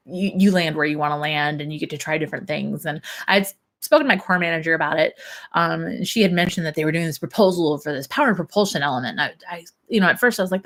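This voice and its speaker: Chatty young woman, slightly low voice. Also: a bit bright. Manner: chatty, laughs often, restarts words. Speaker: livestream host, systems engineer. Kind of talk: casual livestream chat.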